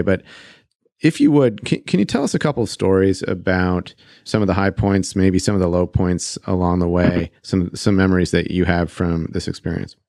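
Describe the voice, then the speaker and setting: A man's voice: low voice, darkish tone, no room sound, studio quality. A man hosting an interview, asking long questions with hesitant repeated words. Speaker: podcast host.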